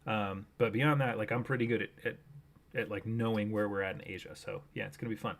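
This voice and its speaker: A man's voice: fairly low pitch, fairly even intonation, fast, creaky. A man streaming a game live, chatting casually and thinking aloud with many fillers and restarts, on a desk microphone at home.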